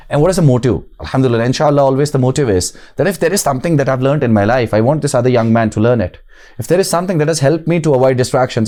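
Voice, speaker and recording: A man's voice: mid-range voice, dark tone. A young man giving earnest, emphatic advice in a conversational interview, now and then slipping in Hindi phrases. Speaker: guest speaker.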